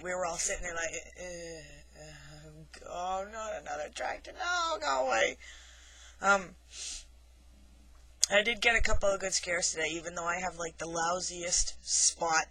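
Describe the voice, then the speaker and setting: A haunted hayride scare actor recounts the night in a casual vlog monologue. The delivery is animated and sarcastic, with quoted lines acted out. The voice is bright and of middle pitch. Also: low-quality recording. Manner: animated storyteller acting out quotes.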